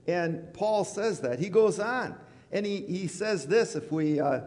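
A man preaching a sermon in a church, conversational and animated, acting out quoted voices. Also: high-pitched, unhurried. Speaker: pastor. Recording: church hall reverb.

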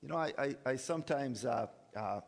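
A man preaches with a voice that rises and falls widely, pushing hard on key words and stumbling over repeated starts. His sarcastic asides drop low before he climbs back up. The church hall gives his voice a long echo. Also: expressive, moderate pace, gravelly. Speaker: preacher and college teacher. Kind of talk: sermon.

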